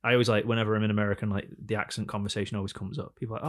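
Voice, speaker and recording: A man with a Northern English accent in casual podcast chat, telling animated stories. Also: lowish voice, rapid-fire. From Northern England. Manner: animated storyteller, slips into mock voices. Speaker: podcast co-host.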